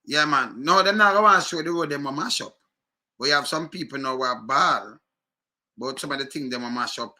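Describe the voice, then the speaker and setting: A man's voice: fairly high pitch, fairly quick, bright, forceful tone. A man with a Jamaican accent giving emphatic, repetitive commentary on video clips in casual patois.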